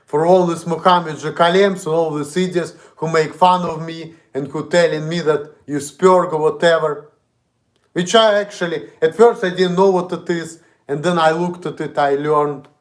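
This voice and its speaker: Russian accent guy on a stream, kinda high voice, angry repetitive ranting with lots of cursing. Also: fairly even intonation, moderate pace. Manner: indignant, profane and repetitive. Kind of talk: ranting monologue.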